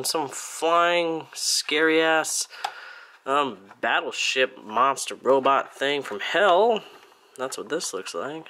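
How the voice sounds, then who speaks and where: Chatty, playful toy reviewer from Germany, with a lively, swooping voice. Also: mid-range voice. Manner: chatty, playful, makes little sound effects. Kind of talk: casual hands-on review.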